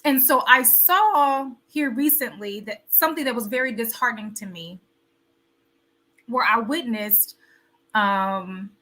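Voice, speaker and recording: A woman with a high, bright voice hosts a live motivational talk. She preaches to her audience, firing off rhetorical questions and repeating her points for emphasis. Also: a little slow. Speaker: host of a wellness show.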